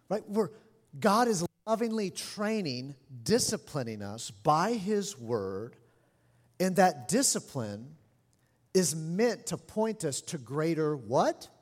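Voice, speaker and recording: A middle-aged man preaching a sermon as pastor, animated and expressive, lively in his delivery. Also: high voice, a little slow. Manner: animated preaching, lively mimicry of scolding parents. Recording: long hall reverb.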